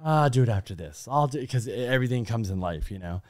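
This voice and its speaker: A man co-hosting a casual podcast chat, speaking at an ordinary middle pitch. He rambles through animated stories, stacking restarts and asides as he goes. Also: a little fast. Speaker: podcast co-host.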